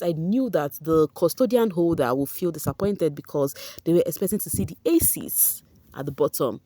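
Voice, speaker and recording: Nigerian woman, gossip vlogger, tired voice, lowish pitch, dry close sound. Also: no room sound. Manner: animated, chatty, mixes in pidgin. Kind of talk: reality show gossip commentary.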